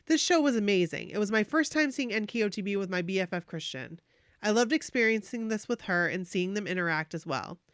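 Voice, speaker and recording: A woman podcast host with a mid-range voice briskly reads a listener's fan story aloud, animated and gushing, adding emotional asides. The sound is studio quality with no echo.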